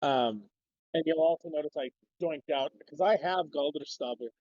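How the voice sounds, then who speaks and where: A man's voice: a little high, normal speed, a little mellow, no room sound, muffled recording. A man with a Minnesotan accent, a guest on a livestream, talking in a loose, rambling way with some cursing. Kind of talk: casual livestream discussion.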